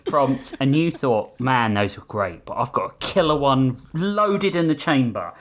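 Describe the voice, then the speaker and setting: A man's voice: mid-range voice, animated, unhurried. A man hosting a podcast, chatting casually and running through plugs with a laid-back, self-mocking manner and frequent laughter. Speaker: podcast host. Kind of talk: casual banter and sponsor plugs.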